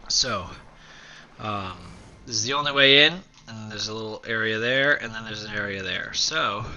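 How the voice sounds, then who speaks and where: A man hosting a let's play, chatting casually about a strategy game and dropping into quiet, half-whispered asides now and then. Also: fairly low pitch, normal speed, lo-fi sound. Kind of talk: casual gameplay commentary.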